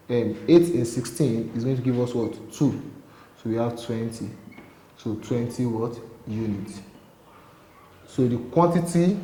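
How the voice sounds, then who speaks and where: A man's voice: mid-range voice, mellow. Echoey man teaching economics. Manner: asks rhetorical questions and answers them himself. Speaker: economics tutor. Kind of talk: classroom lecture. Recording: echoey room with long reverb.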